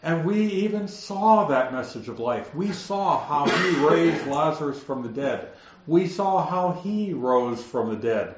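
A man teaching the Bible verse by verse, explaining the text and slowing down to stress key words. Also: on the high side, expressive, slight background noise. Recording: roomy, slightly dull recording.

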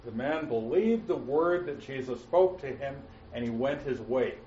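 A man's voice: medium pitch, lively intonation, warm tone, a little hiss or hum. Man teaching scripture in a roomy hall. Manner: frequent "uh" fillers, slows down to stress quoted phrases. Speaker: Bible teacher. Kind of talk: verse-by-verse Bible teaching. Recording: roomy, muffled, mic at a distance.

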